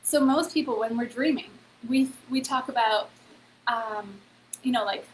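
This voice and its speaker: A woman's voice: on the high side, unhurried, a little hiss or hum, rough recording. Chatty woman hosting a live stream. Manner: chatty, heavy on "like" and "okay?", addresses viewers directly. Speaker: host of a free online event. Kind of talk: casual live-stream motivational talk.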